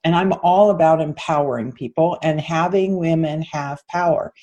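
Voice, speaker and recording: Warm, husky-voiced woman coach. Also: low voice, normal speed, lo-fi sound. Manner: animated, earnest storyteller. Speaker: coach and guest. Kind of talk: interview storytelling. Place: Austin.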